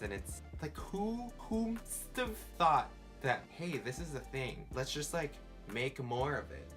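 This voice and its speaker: A man's voice: mid-range voice, sharp tone. A young man with a Southern California accent, rambling casually in a vlog and filling his talk with "like.". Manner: rambling, lots of "like" fillers. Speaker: vlogger. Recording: faint background music.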